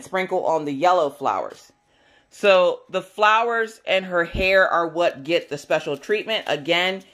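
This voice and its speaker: A woman hosting a casual unboxing video, chatty and enthusiastic, her voice squeaky today. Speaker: crafting video host.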